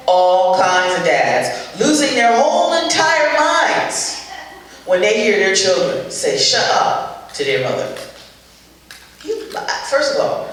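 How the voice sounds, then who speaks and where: An older woman comedian doing stand-up on a charity show stage, telling stories in an animated, exasperated way with punchy asides. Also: medium pitch. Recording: echoey hall, voice far from the mic, faint ambience.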